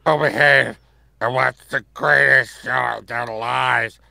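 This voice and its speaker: A gravelly, strangled braggart with the air running out of him, as a man puts him on. The voice is bright and forced through a gripped throat. The sound is close and dry. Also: mid-range voice, fairly even intonation, slow pace, dry recording, full character voice. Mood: choking bravado. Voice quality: strained, choked voice from his hand squeezing his throat. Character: desperate man being crushed by a snake.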